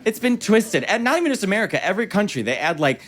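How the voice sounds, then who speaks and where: A man doing a stand-up comedy set in a club, telling stories in an animated, theatrical way with sudden bursts of excitement. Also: sits high, quick pace.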